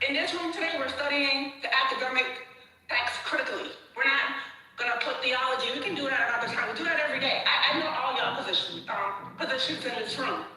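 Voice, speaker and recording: A high, sharp-toned woman argues insistently, talking over others in a casual, colloquial way. She is out of breath from walking. Her voice comes through a very roomy, echoey call line. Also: fast talker, recorded from a distance. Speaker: discussion participant. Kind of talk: live online debate.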